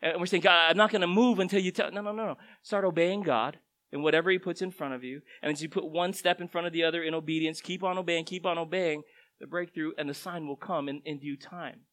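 Guy preaching a sermon, kinda high voice, chatty storytelling, gets loud then goes quiet. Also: fairly even intonation, quick pace, low-quality recording. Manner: conversational preaching, storytelling, voice swells and drops. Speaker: pastor.

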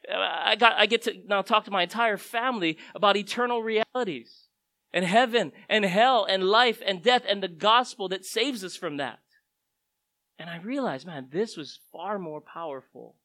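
A pastor with a high, bright, forceful voice preaches a sermon, heard on a rough recording. He delivers it conversationally, like telling a story, letting his voice climb and fall for emphasis.

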